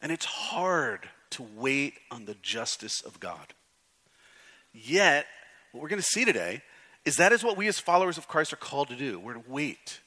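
A man's voice: medium pitch, big pitch swings, normal speed, bright, forceful tone. A man preaching a conversational sermon as pastor, with frequent restarts, in a large church hall. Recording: hall reverb.

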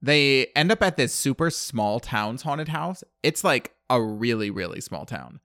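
A podcast co-host recounts a movie plot in casual chat, rambling with plenty of fillers and acting out quotes. His medium-pitched, slightly bright voice swings widely in pitch at an unhurried pace, in clean studio sound with no room echo.

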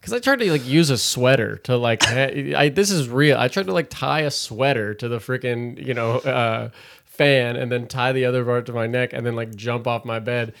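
A young man with a gravelly, creaky edge to a mid-pitched voice, talking as a comedian on a podcast. He rambles, circles back and piles on fillers in relaxed conversation. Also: moderate pace. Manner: rambling, lots of fillers and restarts. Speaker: stand-up comedian, podcast guest.

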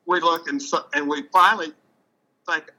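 A man with a very bright, ringing voice tells a story in loose, casual talk. He is animated, trips over repeated words, and sometimes jumps his voice up to act out what people said. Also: fairly high pitch, moderate pace, low-quality recording.

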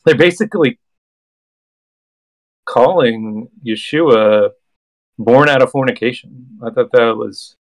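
Relaxed man comparing scripture verses. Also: medium pitch, takes it slowly, long pauses, rough recording. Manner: relaxed, many ums, reads passages aloud. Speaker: podcast co-host. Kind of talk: casual scripture discussion with read-aloud verses.

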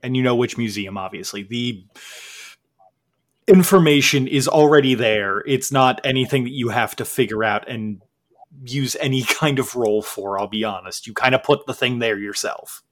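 A man's voice: medium pitch, moderate pace. Chuckling male game master. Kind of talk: narrating a tabletop game.

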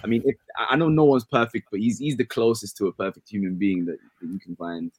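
A man, co-hosting a casual sports chat, earnest and relaxed, with many fillers. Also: on the low side, quick pace, husky, no echo. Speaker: podcast co-host.

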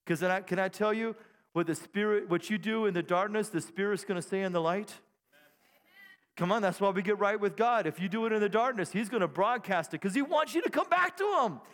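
A high-voiced male pastor preaches to his congregation, swinging from soft asides to loud, excited bursts. His voice rings out with a long reverb through the church hall. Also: brisk. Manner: animated preaching with bursts of shouting. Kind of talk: sermon. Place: church sanctuary.

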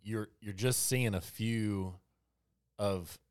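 A man talking reflectively in casual conversation, halting with restarts. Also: fairly low pitch, darkish tone, clear, resonant tone, dry recording, clean studio sound. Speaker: podcast co-host.

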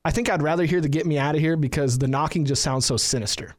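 A man's voice: on the high side, fast talker. A man with a slightly raised voice, chatting loosely as a podcast co-host. He jokes around and acts out lines of dialogue as he tells a story. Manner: animated, jokey, acts out quotes. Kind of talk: casual banter.

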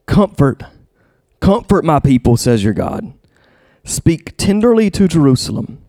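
A man's voice: dry recording, clean studio sound. A man preaching a sermon, reading scripture aloud and repeating himself as he searches for words, his voice climbing when stirred. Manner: passionate, rises high and loud when stirred. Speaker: pastor.

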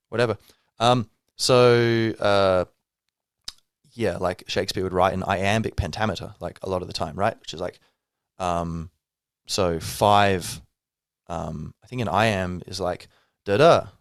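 A man's voice: deep voice, fairly even intonation, unhurried, gravelly, clear, resonant tone, no echo, studio quality. A man hosting a podcast, talking casually about poetry in a rambling way with many fillers. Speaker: podcast host.

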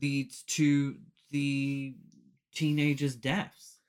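A man's voice: mid-range voice, completely flat delivery, extremely slow, clean tone. A man co-hosting a podcast, casually analysing a horror film with frequent laughs. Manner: giggly, opinionated, speeds up when arguing a point. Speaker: podcast co-host. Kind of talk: casual chat.

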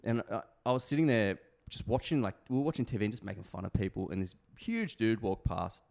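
An Australian man in his thirties spins a story in easy, casual chat. His voice rises and falls in lively swings as he laughs at himself, and he swears freely. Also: fairly low pitch, quick pace, vocal fry.

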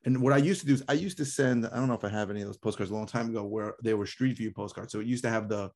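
A man's voice: lowish voice, rapid-fire. A man, co-hosting a casual podcast conversation and telling stories animatedly, acting out callers. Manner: animated storyteller, acts out callers. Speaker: podcast co-host.

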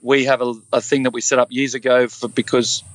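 A man's voice: medium pitch, fairly quick, dry recording. An earnest man in his fifties, a guest telling stories from his own life and acting out the voices of the people in them. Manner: earnest, animated, acts out quoted dialogue. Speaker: guest, former police officer. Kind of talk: candid conversational storytelling.

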